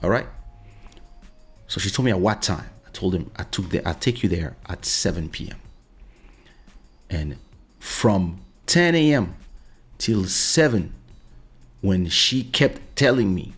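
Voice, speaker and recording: A middle-aged man with a low, gravelly voice, talking casually through a podcast monologue. He tells stories and keeps repeating "listen". Faint music plays underneath him. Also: expressive, slow pace, long pauses. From France. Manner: storytelling, repeats "listen" often. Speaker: podcast host.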